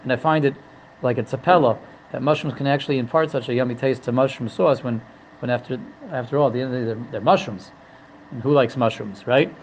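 A man's voice: mid-range voice, quick pace, darkish tone, muffled recording, slight background noise. A man teaching a religious text, humorous and digressive, often repeating and restarting his phrases. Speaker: Torah teacher. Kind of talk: religious lesson.

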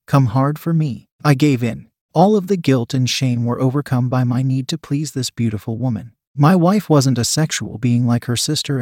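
A man narrating a story in the first person, reading at a steady, even pace. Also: medium pitch, dry recording, clean studio sound. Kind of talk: scripted narration.

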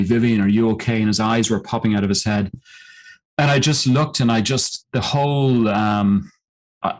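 A middle-aged man, a mountaineer and coach, telling a personal story as a podcast guest in a reflective, halting way with many pauses and restarts. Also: fairly low pitch, low-quality recording. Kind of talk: storytelling in an interview.

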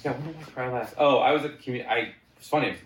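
A man's voice: quick pace, slight background noise. Rambling man in his forties, roomy echo. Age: 40s. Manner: rambling storyteller, jumps into high excited voices when quoting himself. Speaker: guest. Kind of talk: casual chat.

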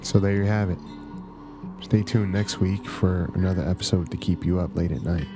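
A man's voice: low-pitched, fairly even intonation, moderate pace, music in the background. A man hosting a podcast, narrating a first-person horror story in a conversational, confiding way.

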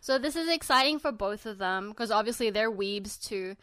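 A young woman co-hosting a pop-culture podcast in excitable, gushing casual chat, laughing often. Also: medium pitch, moderate pace, no echo, studio quality. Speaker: podcast co-host.

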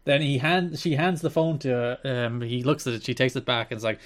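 A man in the middle of his usual register chats on a podcast. He walks through what happened step by step in loose run-on sentences, wry and unhurried. It sounds like relaxed conversation between co-hosts. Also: mid-range voice. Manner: recaps events in long wry run-on retellings. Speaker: podcast co-host. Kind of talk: casual chat.

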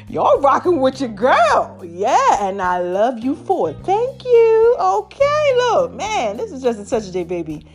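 A woman hosting a podcast with a raspy, slightly hoarse voice, preaching casually and calling her listeners "baby" and "y'all". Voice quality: raspy, deeper than usual. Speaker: podcast host. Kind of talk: casual motivational podcast monologue.

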